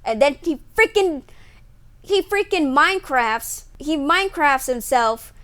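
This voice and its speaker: A woman's voice: high voice, expressive, a little slow, bright, forceful tone. A woman ranting in a movie review vlog, rambling with many fillers and restarts and growing exasperated. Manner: grows heated and exasperated, laughs at her own slips. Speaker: vlogger reviewing a film.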